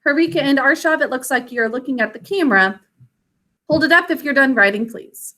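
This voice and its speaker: A woman's voice: sits high, a little fast, pushed and bright. A woman teaching an online spelling lesson to children over a video call, patient and careful as she sounds out words.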